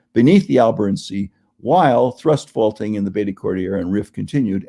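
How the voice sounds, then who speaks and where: A man giving an academic lecture over slides, measured and explanatory, often repeating a phrase for emphasis. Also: mid-range voice, warm tone. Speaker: guest lecturer in geoscience.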